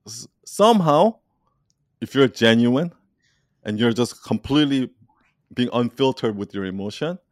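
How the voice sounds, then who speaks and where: A man leading an online community, talking casually in an animated, rambling way and laughing often. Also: medium pitch, a little slow, pauses often, no echo, clean studio sound. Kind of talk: casual conversation.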